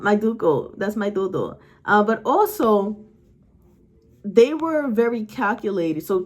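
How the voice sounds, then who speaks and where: A woman psychic medium talks casually to her viewers at home. She rambles, restarts her sentences and often checks in with "okay?" and "right?". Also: medium pitch. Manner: speaks directly to the audience. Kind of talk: casual spiritual storytelling to viewers. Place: at home with her dog nearby.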